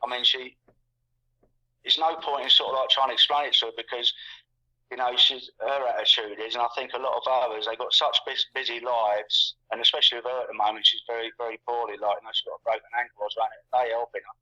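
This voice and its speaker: Speaking fast in a sharp, flat, medium-pitched voice, this Englishman in his sixties is a guest in a casual conversation. He rambles, repeats words and stacks one filler on another, all over muffled, lo-fi call audio.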